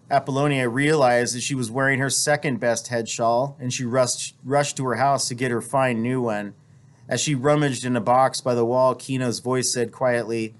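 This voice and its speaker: Male teacher, mid-pitched, steady read-aloud with short asides to explain the text. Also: normal speed, smooth. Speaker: teacher reading a novel aloud.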